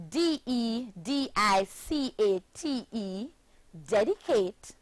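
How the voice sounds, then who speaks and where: Jamaican accent, woman, children's phonics teacher, spells words out, dry voice, unhurried. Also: fairly high pitch, no echo, low-quality recording. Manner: slow, deliberate, spells words letter by letter. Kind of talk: scripted children's phonics lesson.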